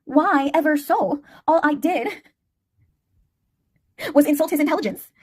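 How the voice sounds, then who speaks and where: A woman's voice: high-pitched, measured pace, no room sound, clean studio sound, voice pushed up. A woman voicing a sugary, mock-polite young woman who speaks with sweet, fake-innocent condescension.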